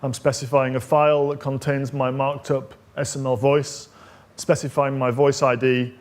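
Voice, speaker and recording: A man presenting as a technical evangelist, explaining a software demo step by step in a conversational way with frequent fillers. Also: mid-range voice, level tone, normal speed. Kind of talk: live coding demo presentation.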